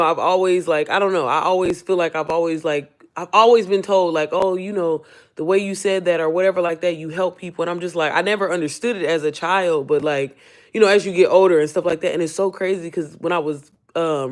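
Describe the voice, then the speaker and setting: A woman coaching viewers in a casual live-stream Q&A, hoarse from losing her voice. She rambles in a heartfelt, emotional way, often close to tears, and calls her viewers y'all and sis. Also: on the low side. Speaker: online business coach.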